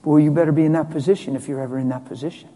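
A middle-aged man preaching a sermon as a pastor, telling a story with emphatic swings from loud to hushed. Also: a little high, steady tone, racing. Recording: long hall reverb.

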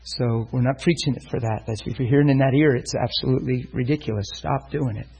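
Husky-voiced man preaching a sermon. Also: medium pitch, fast, a little mellow, poor audio. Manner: storytelling, acts out voices in quotes.

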